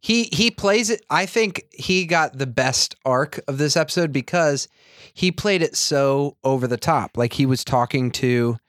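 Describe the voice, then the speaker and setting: A man's voice: a little high, expressive, measured pace, a bit bright, no room sound, clean studio sound. A man co-hosting a podcast, tossing out crude, laughing banter in casual chat. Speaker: podcast co-host.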